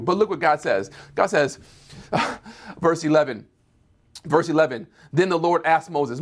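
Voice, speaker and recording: Preacher acting out Bible dialogue. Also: male voice, animated. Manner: acts out Moses and God in quick dialogue; rising to a higher, louder pitch as he builds. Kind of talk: sermon.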